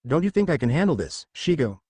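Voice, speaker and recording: A man's voice: on the high side, sing-song, fairly quick, a little mellow, husky, no echo. A man voicing an irritated, pompous male mad scientist villain in a read-aloud story, in close to his own voice. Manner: irritated, boastful.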